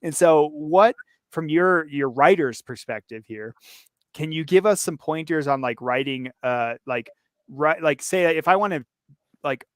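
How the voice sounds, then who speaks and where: A man's voice: a little high, a little slow, no echo, clean studio sound. A man hosting a casual interview, talking in a rambling way with many fillers and easy laughs. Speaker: podcast host.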